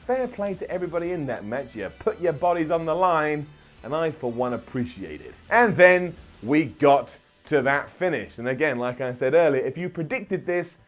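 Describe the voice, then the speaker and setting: A man's voice: on the high side, animated, moderate pace. A young man recapping a wrestling show in an opinionated, sarcastic way, with jokey asides. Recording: light background music.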